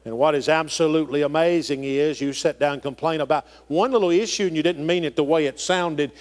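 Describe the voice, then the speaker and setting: A man's voice: on the high side, brisk. A middle-aged man preaching a sermon, with folksy phrasing and emphatic rises and falls. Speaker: pastor.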